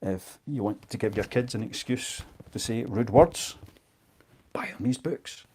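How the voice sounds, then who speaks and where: A man's voice: mid-range voice, measured pace, a little mellow, a little hiss or hum. A man, chatting casually as he auctions books on a live stream, joking at his own expense. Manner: chatty and self-mocking. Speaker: online book seller.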